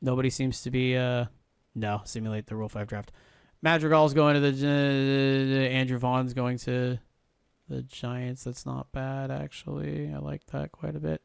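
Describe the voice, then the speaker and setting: A man's voice: medium pitch, fairly even intonation, unhurried, gravelly, smooth, no room sound, studio quality. A man playing a baseball video game on a live stream, muttering, thinking aloud and swearing freely as he checks player moves. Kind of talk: casual live-stream commentary.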